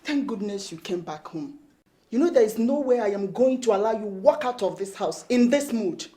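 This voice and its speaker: An actress playing a worried sister with a Nigerian English accent, pleading urgently and soothing in hushed tones. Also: female voice, mid-range voice, expressive, normal speed, natural voice. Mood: alarmed.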